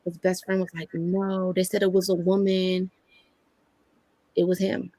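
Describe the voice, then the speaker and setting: A woman in her thirties, appearing as a podcast guest, candidly shares a personal story and acts out the lines people said to her. Her voice sits on the low side and she speaks unhurriedly; the recording is low quality but has no echo.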